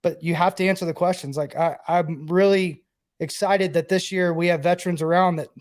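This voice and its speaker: A man with a notably high speaking voice talks casually on a sports podcast, loose and rambling. He was a player and now works in broadcasting, and he fills his sentences with "like". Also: fairly even intonation, a little fast. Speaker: co-host, former player and broadcaster.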